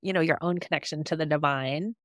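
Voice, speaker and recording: A woman hosting a podcast, giving warm, affirming replies in casual interview chat. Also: low-pitched, a little fast, no echo, studio quality. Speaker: podcast host.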